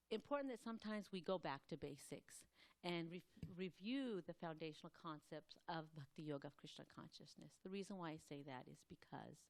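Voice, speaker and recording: A woman giving a scripture class, talking quickly in a loose, rambling way with many fillers and pauses to clear her throat. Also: lowish voice. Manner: fast, rambling, loosely structured delivery. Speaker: class speaker at a temple.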